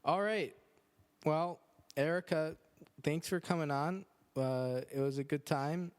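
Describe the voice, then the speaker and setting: A man's voice: on the high side, takes it slowly, clean tone. Sarcastic man hosting a casual podcast. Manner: dry, sarcastic, joking. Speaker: podcast host. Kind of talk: casual chat. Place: indoors on a couch.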